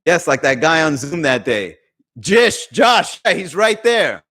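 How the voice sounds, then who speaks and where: A man's voice: a little high, big pitch swings, measured pace, bright, forceful tone, husky. A young adult man, a comedian hosting a casual livestream podcast, talking through a phone, reading viewer comments and acting out the voices he quotes, with plenty of swearing. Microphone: phone for live stream.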